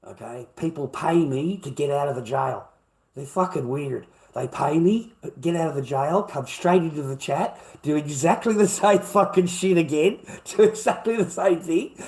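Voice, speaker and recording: A man's voice: fairly high pitch, animated, normal speed, darkish tone. A middle-aged man with an Australian accent ranting to his livestream chat, blunt and swearing constantly as he repeats his points. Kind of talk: profane livestream rant to chat.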